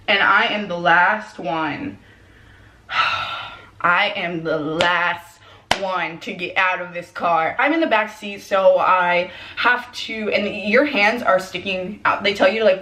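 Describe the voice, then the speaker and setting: A young woman telling a personal story in a casual, animated way, slipping into quick voices for the people she quotes. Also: medium pitch. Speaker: vlogger. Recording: echoey room.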